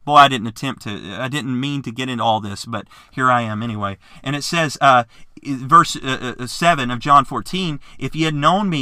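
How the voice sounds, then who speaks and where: Male Bible teacher, earnest and fervent, stammering restarts, sharp bright tone, mid pitch. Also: normal speed, smooth, no echo, clean studio sound. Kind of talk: Bible lesson.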